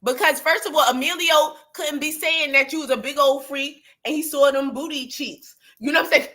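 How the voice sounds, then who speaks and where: A woman co-hosting a casual chat show, blunt, profane and animated. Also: high-pitched, moderate pace. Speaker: podcast co-host.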